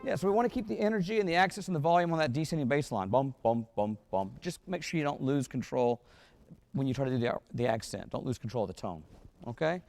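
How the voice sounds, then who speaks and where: A man's voice: a little high, lively intonation, fast talker, gravelly, darkish tone, soft background music. A man coaching a wind band in rehearsal in a concert hall, giving encouraging instructions and singing phrases in scat syllables to show how they should go. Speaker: band clinician.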